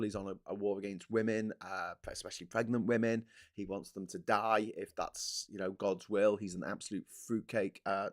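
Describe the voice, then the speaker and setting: A man with a Scouse accent hosting a casual live stream, ranting in an opinionated way with sudden loud outbursts. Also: medium pitch. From England.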